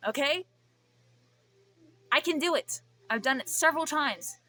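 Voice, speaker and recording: Bright-voiced young woman venting. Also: sits high, animated, moderate pace. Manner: swearing, rambling, intense. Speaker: vlogger. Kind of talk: emotional vent.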